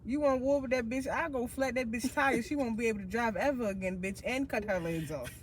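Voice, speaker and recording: A woman hosts a relaxed podcast chat, pitched a little high. She talks bluntly and swears freely, and a faint background hiss sits under her voice. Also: fairly quick. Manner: blunt, profane, animated storytelling. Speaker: podcast host.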